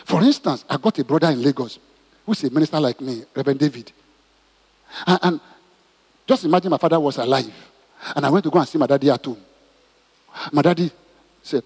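Guy preaching, high husky voice, keeps repeating himself, echoey big hall. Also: fairly quick, long pauses. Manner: emphatic, repetitive, animated preaching with stammered restarts. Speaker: pastor. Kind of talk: sermon.

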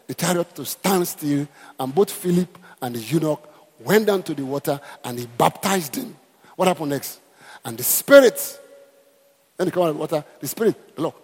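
A man's voice: a little high, breathy edge, long reverb tail. A man preaching a sermon, emphatic and repetitive, calling out to the congregation. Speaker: pastor.

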